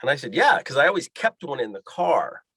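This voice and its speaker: In a dry recording, a man with a medium-pitched, sing-song voice that's pushed, bright, and slightly rough talks a little fast. He's a podcast guest, a pilot and fishing guide, animatedly telling a story and acting out the voices of the people he quotes.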